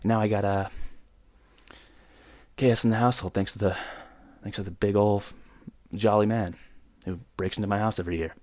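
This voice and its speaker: A man's voice: on the low side, steady tone, moderate pace, pauses often, a little mellow, dry recording. A young man hosting his own podcast in a joking, rambling rant, mock-outraged, close to the mic. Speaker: podcast host. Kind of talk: solo comedic podcast rant.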